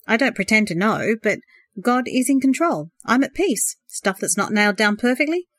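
A calm, curt young man, quiet and firm as he shuts down the talk, as a woman reading a story voices him. The sound is dry and close. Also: fairly high pitch, normal speed, no echo.

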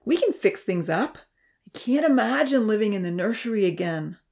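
A woman's voice: mid-range voice, animated, moderate pace, gravelly, pitched above the performer's own voice. Storybook young man, headstrong and cross, read by a woman in a raised voice. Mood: grumbling. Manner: muttering, then shouting orders. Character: angry stubborn young man.

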